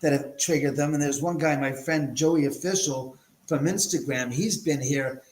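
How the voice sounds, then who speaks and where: A man's voice: on the high side, normal speed, echoey room, poor audio. A man from Los Angeles, a guest, telling stories casually and animatedly, with lots of swearing. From Los Angeles, USA. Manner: animated, swears freely, acts out quotes. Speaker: guest, paranormal house owner. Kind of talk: casual storytelling.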